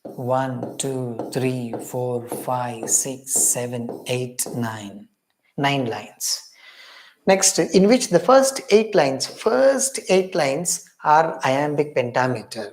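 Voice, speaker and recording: A man's voice: on the high side, lively intonation, a little slow, darkish tone. A man with an Indian English accent giving an exam-prep literature lecture, emphatic, repeating key points and calling viewers his friends.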